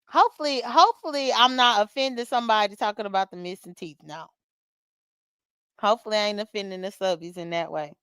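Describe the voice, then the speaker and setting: A woman's voice: mid-range voice, fairly quick, a bit bright, clean tone, no echo. A chatty woman, recapping online drama in a casual morning chat with her viewers, laughing often and talking straight to commenters by name. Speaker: vlogger recapping livestream drama. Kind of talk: casual chat to viewers while getting ready.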